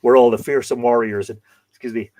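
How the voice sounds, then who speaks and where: A middle-aged Irish man hosting a live stream, reading out viewer comments in a hesitant, thinking-aloud way with many pauses and fillers. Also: mid-range voice, steady tone, heavy background noise. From Ireland. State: dry throat, coughing. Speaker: host of a live myth reading show.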